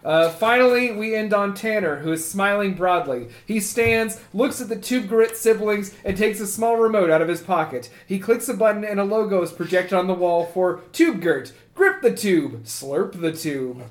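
A man reading a comedy screenplay aloud as a podcast co-host, halting and filling pauses with uh. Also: sits high. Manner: halting, with frequent uh fillers. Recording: echoey room.

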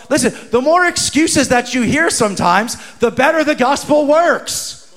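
A man with a high, bright voice preaches in a church sanctuary, and his words ring through a long hall reverb. He swings between loud, emphatic calls and quiet, drawn-out asides, and he acts out the people in his stories. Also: animated. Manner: dynamic preaching, rising to shouts and dropping to hushed asides; acts out quoted voices in conversation. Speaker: pastor. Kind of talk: sermon.

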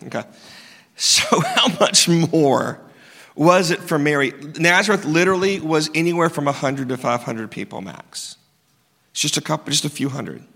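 A man's voice: fairly high pitch, gravelly, fairly bright tone. A man preaching a sermon, talking casually, joking with the congregation and firing off rhetorical questions. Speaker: pastor. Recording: long hall reverb.

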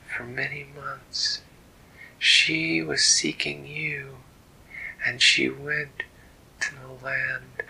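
A man voicing a gentle, sorrowful female mermaid in a soft, formal whisper, as whispered role-play. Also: medium pitch, creaky, breathy edge, pitched above the performer's own voice, exaggerated voice, low-quality recording.

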